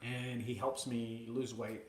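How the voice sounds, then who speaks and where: A man hosting a live video from his mother's house, chatting casually and excitedly to viewers, rambling between hype and emotion. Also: medium pitch, takes it slowly, echoey room. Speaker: junk removal business owner hosting a live video.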